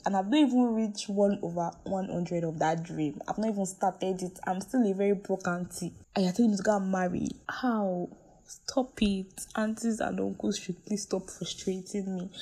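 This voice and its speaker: A young woman with a Nigerian accent, talking to her viewers in a casual vlog and ranting in an exasperated, playful way, swinging from quiet asides to loud outbursts. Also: mid-range voice, slightly rough. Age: young adult. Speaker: vlogger.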